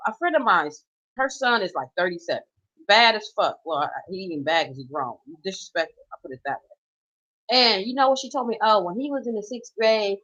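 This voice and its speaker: Emphatic middle-aged woman, lo-fi rant. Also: medium pitch. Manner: emphatic, animated, swearing freely. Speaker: mother and grandmother ranting about youth. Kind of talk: unscripted personal rant. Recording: slightly dull, lo-fi sound.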